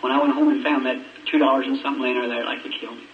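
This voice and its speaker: A man's voice: mid-range voice, flat delivery, rapid-fire, narrow, tinny audio. A man preaching an emotional testimony sermon, pleading, his voice rising and breaking. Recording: echoey archive sermon recording from far off, with faint noise.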